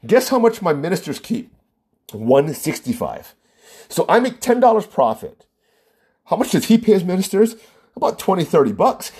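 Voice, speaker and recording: A man's voice: on the high side, a little mellow, husky. A man who runs a wedding business, ranting in a vlog and retelling arguments, full of "you know" and "right?".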